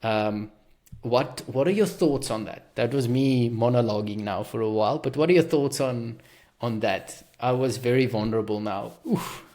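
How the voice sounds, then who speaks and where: This is a man of medium pitch with a mellow sound, talking at a moderate pace. He's a South African podcast host in a relaxed conversation, meandering, running himself down, and often starting over.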